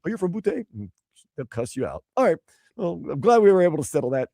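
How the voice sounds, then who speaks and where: A man's voice: on the high side, big pitch swings, fast, mellow, dry recording, studio quality. A man from Louisiana hosting sports radio, playful and joking, leading into the headlines. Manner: playful, swings his voice up and down. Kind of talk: casual radio banter.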